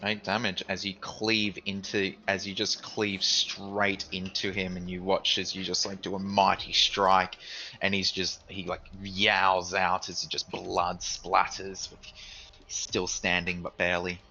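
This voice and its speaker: A man's voice: deep voice, completely flat delivery, measured pace, bright, forceful tone, dull audio. A man narrating as dungeon master in a loose, casual way, with fillers and the odd swear. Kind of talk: narrating a tabletop game.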